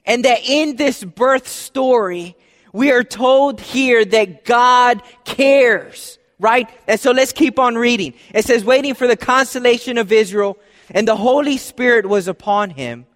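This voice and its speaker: A man preaching a sermon as pastor, conversational, dropping soft and low for emphasis. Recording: long hall reverb.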